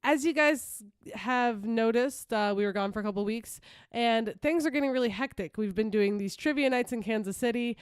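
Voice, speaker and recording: A woman's voice: fairly high pitch, moderate pace, smooth, no echo, clean studio sound. A woman co-hosting a podcast in casual chat, rambling and full of fillers. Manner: chatty, rambling, filler-heavy. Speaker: podcast co-host.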